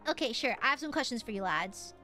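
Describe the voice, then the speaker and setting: A woman's voice: on the high side, expressive, fast talker, sharp tone, faint music behind. A woman streaming a video game, chatting casually in a playful, crude way and laughing often.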